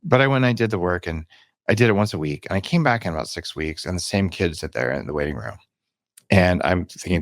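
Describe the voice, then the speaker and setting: A man's voice: fairly quick, gravelly, no echo, studio quality. A man in his fifties, a podcast guest, telling candid stories and acting out the voices in them. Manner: animated, acts out quotes and shifts pitch for emphasis. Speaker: podcast guest, biohacking author. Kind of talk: candid interview storytelling.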